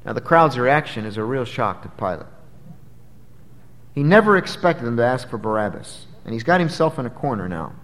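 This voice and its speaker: A man preaching an expository sermon, emphatic, swinging from loud dramatic peaks to low, quiet drops. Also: sing-song, normal speed. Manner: emphatic, dramatic rises and drops in pitch and volume. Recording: long hall reverb.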